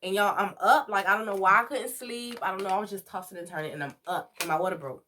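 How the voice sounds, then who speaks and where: A woman's voice: medium pitch, fast, sharp tone, slight background noise. A young woman telling a personal story in a casual vlog, chatty and talking straight to her viewers. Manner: chatty, addresses viewers directly. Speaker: vlogger.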